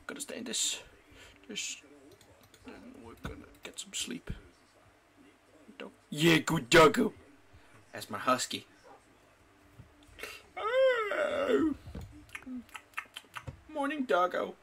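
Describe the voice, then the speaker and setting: An excitable man chatting over a game at a desk mic. His pitch leaps all over the place while his pace stays slow and drawn out. The tone is bright and forward. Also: creaky. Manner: excitable, talks to his pet, squeals when delighted. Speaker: gaming YouTuber. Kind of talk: casual let's-play commentary. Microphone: desktop mic.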